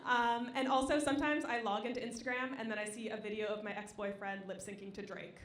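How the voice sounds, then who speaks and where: A young woman doing a stand-up comedy set on a club stage, dry and deadpan between loud acted-out quotes. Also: a little high, quick pace, slight background noise. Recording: echoey live venue.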